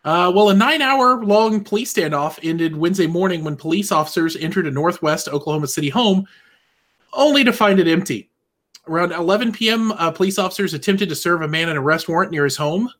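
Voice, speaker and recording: A man's voice: high voice, fairly quick, fairly bright tone. A man co-hosting a podcast, chatting casually, often agreeing and making wry jokes, also reading out news items. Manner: agreeable, many "mm-hmm" and "oh yeah", wry jokes. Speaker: podcast co-host. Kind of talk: casual chat.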